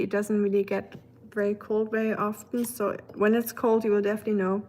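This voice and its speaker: A woman from Germany with a German accent, chatting casually with viewers on a live stream, full of fillers and reading out their comments. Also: a little high.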